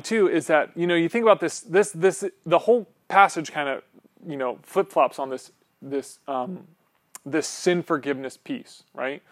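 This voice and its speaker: In a church room, a man with a fairly high voice teaches a small Bible class at a moderate pace. He talks conversationally, restarts sentences, and often checks in with "right?" between points. The recording is dry.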